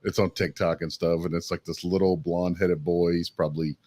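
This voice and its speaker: Low-voiced man telling rambling stories. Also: level tone, fairly quick, warm tone, no room sound. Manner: rambling storyteller, swears casually. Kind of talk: casual chat.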